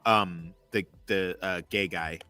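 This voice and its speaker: A man's voice: low-pitched, fairly even intonation, slow, pushed and bright, no echo. A man on a casual live discussion panel, joking and easygoing. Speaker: panel guest.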